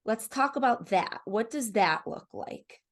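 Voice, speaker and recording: A woman's voice: fairly high pitch, lively intonation, unhurried. Affirming woman interview host. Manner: warm affirming listener, asks questions. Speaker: podcast host and coach. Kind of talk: casual interview hosting.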